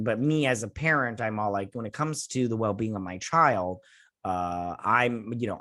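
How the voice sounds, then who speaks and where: A man's voice: on the low side, fairly bright tone. Rambling man reviewing a show. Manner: rambling, restarts often with filler words. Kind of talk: casual spoken review.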